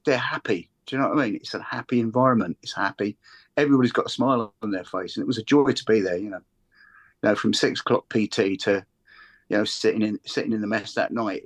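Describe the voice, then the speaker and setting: An older man, a former military instructor, telling stories in a rambling, casual way, full of restarts, fillers and swearing. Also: lowish voice. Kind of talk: casual conversational storytelling.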